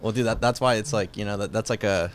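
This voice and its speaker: A young man co-hosting a film podcast, telling movie scenes in a loose, profane, animated way. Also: on the low side, fast, slight background noise. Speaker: podcast co-host. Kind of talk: casual chat.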